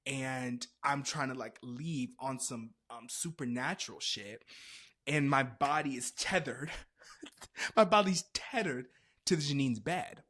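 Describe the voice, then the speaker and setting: A man hosting a podcast, telling a comedic story in a dramatic, animated way with frequent laughter. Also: mid-range voice, a little slow. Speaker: podcast host.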